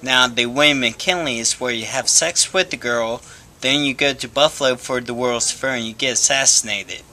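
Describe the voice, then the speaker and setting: Guy doing stand-up bits, really bright crisp voice, dry deadpan delivery. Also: medium pitch, moderate pace. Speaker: stand-up comic. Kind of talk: deadpan joke telling.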